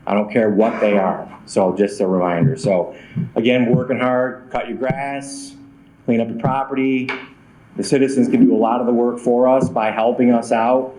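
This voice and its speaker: A man giving public reminders at a city council meeting, casual and a bit self-deprecating. His voice sits at an ordinary pitch. It carries the echo of a roomy council chamber. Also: fairly even intonation, moderate pace, dark tone, slight background noise. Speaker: city ordinance department official.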